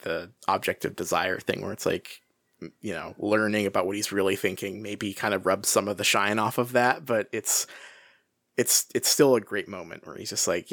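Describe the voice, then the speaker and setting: Male podcast co-host, casual book chat, halting delivery, dry close sound. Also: dry recording. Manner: hesitant, many restarts, animated pitch swings.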